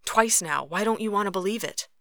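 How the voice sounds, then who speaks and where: A woman reading an audiobook who voices a calm young male Fae with patient, low, even replies. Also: a little fast, no echo, clean studio sound, lightly acted. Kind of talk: audiobook character voice.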